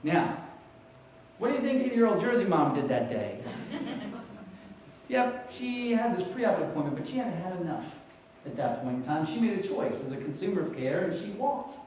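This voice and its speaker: Guy from new york doing a keynote, lively storyteller, fairly high voice, big echoey hall, mic kinda far off. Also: moderate pace, slight background noise. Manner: animated storyteller, asks the audience questions. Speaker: conference speaker.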